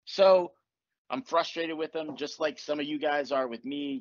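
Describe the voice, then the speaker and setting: A man hosting a podcast, telling a story in casual chat, animated and swearing as he acts out what people said. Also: a little high, normal speed, lo-fi sound. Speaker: podcast host.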